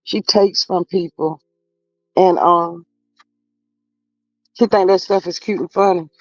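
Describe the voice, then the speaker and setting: A man's voice: sits high, fairly even intonation, slow, dry recording. A man hosting a casual live-stream commentary, gossiping in a drawling, sassy way and reading chat to viewers. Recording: slightly dull lo-fi audio with faint music.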